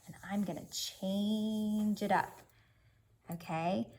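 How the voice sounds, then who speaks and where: A woman's voice: mid-range voice, steady tone, takes it slowly, a little mellow. A woman teacher leading a children's reading lesson, cheerfully prompting young learners to sound out and blend words.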